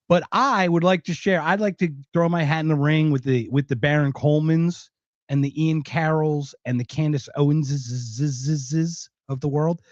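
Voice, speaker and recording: A man's voice: a little high, no room sound, muffled recording. A man from Philadelphia with a faint Philadelphia accent, hosting a podcast in a rambling, chatty way. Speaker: podcast host. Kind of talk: casual chat.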